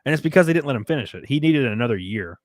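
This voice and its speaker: A young man hosting a podcast, chatting casually, animated and quick, swearing and laughing as he tells stories. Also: medium pitch, no room sound, clean studio sound. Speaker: podcast host. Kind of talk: casual chat.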